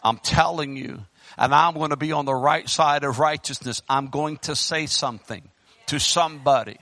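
Fervent high-voiced male preacher. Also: fairly even intonation, normal speed, no room sound. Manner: fervent preaching, swinging between loud bursts and hushed pleading. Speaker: pastor. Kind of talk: sermon. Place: church. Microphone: handheld microphone.

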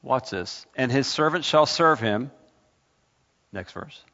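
A male pastor preaches with a gravelly edge, driving his points home with repeated rhetorical questions. The sound is dull and carries a long church echo. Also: mid-range voice, animated, slow pace, sharp tone. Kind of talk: sermon.

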